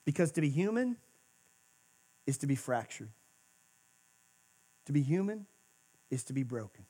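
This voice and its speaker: Man, pastor, sermon, conversational, somewhat high voice, stage mic in a sanctuary. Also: big pitch swings, unhurried. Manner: conversational preaching, swinging from emphatic to hushed. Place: church sanctuary.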